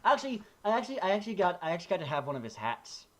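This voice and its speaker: A man's voice: high-pitched, racing. A man in casual podcast chat, telling rambling stories with lots of restarts. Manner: rambling, animated storytelling with many restarts. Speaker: podcast co-host.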